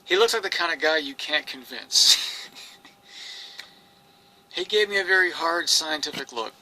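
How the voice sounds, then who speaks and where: A man's voice: fairly high pitch, normal speed, sharp tone, slight background noise, low-quality recording. A man telling his own story in an earnest, rambling monologue, restarting phrases and quoting others. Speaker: experiencer recounting his story. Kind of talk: personal monologue to camera.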